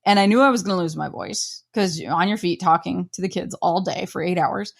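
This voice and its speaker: A woman's voice: on the low side, a little fast, vocal fry. A woman hosting a podcast, telling personal stories in a chatty way and laughing as she goes. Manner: chatty, laughs through anecdotes. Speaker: podcast host. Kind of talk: casual podcast conversation.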